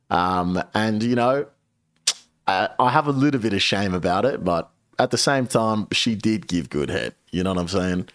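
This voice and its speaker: A male streamer telling a rambling, profane story to his viewers in a casual, chatty way. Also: lowish voice.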